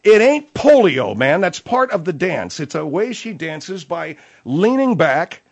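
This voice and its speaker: A man's voice: fairly high pitch, big pitch swings, unhurried, vocal fry, husky. A man in argumentative comedy banter, interrupting often and calling people "man" and "dude".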